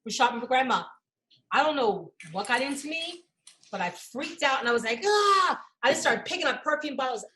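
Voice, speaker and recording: Woman, high voice, lively swooping pitch, podcast storytelling, acts out voices. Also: fairly quick, echoey room, slight background noise. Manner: animated, acts out voices in stories. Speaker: comedian guest.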